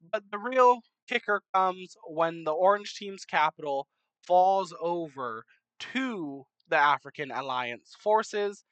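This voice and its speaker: A young adult talks through a map timelapse in casual commentary, rambling and correcting themselves as they go. The pitch sits in an ordinary middle range. The recording is dry and close, with no room sound. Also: expressive, slow pace, a bit bright, clear, resonant tone, dry recording, poor audio. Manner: rambling, many fillers and self-corrections, joking asides. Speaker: narrator of a map timelapse series.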